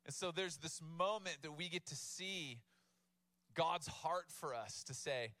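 With a fairly high voice and an unhurried delivery, a pastor in his thirties preaches without any echo. He takes a casual, funny approach, retelling the text playfully and telling it like an animated story full of laughs.

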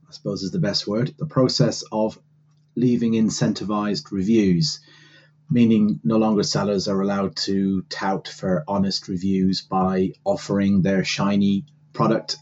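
A husky, fairly low-voiced man with an English accent asks his question in a polite, measured way. The recording sounds dull and lo-fi, like a voicemail. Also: mellow. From England. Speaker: listener asking a question.

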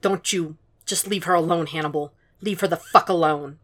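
A woman voicing a wounded, bitter young man who answers quietly and tersely. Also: low voice, normal speed. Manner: quiet, clipped replies.

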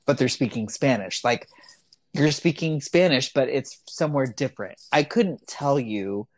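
A man co-hosting a podcast, chatting in a relaxed, rambling way full of fillers. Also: medium pitch, normal speed, a little hiss or hum. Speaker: podcast co-host. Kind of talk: casual chat.

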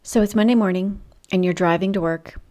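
A middle-aged woman, a Christian weight loss coach, hosts her faith-based podcast in a medium-pitched, mellow voice that stays steady and fairly quick. She comes across as earnest and emotional, with frequent asides.

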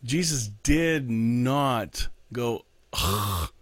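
A pastor who also hosts a podcast gives a candid monologue, earnest and reflective, slowing down to stress his points. His voice sits fairly low with lively intonation, and there's no room sound.

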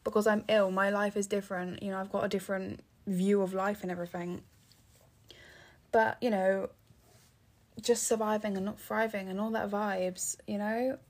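A woman's voice: mid-range voice, little pitch movement, moderate pace. A teenage girl from England hosting her own podcast, rambling casually with many fillers and restarts, sounding tired. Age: teens. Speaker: podcast host. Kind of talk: casual monologue.

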